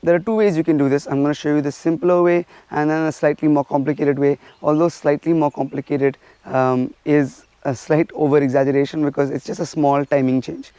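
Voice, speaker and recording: A man's voice: on the high side, warm tone, no room sound. A martial arts instructor from India, a man, explaining and demonstrating stick drills while counting strikes aloud.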